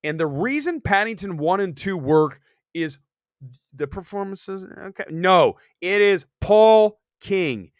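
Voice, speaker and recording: A man hosting a live movie talk show, opinionated and animated, talking fast and reacting to chat comments. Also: sits high, no echo, clean studio sound. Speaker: host. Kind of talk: casual live-stream film chat.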